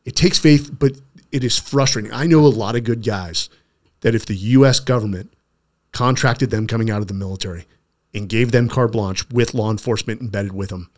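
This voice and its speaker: A middle-aged man with a somewhat low voice hosts a conversational interview. He talks earnestly and often breaks off to restart his sentences. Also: brisk. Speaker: podcast host.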